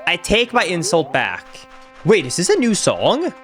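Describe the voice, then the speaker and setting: Young male streamer, lively swooping delivery, slightly higher voice, faint music behind. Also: unhurried. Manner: excitable, chatty, reacts aloud to the game and chat. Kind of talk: live gameplay commentary.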